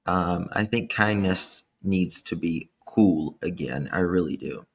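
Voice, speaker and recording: Slow, low-voiced man hosting a live stream. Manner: warm, effusive thanks to chat members. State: tired. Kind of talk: casual live stream chat, greeting viewers. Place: indoors at home. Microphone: laptop camera mic.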